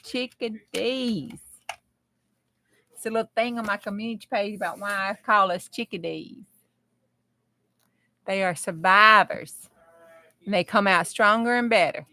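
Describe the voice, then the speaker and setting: A woman, hosting a casual craft livestream and chatting excitedly with her viewers. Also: medium pitch, no echo.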